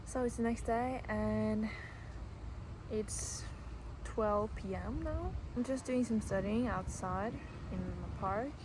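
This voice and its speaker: A woman in her twenties vlogging in a relaxed, chatty way, talking while she walks and moves around outside. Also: mid-range voice, slow pace. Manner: chatty, relaxed, talks while walking and moving. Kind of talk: casual vlog narration. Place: outdoors in the sun. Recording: outdoor noise behind.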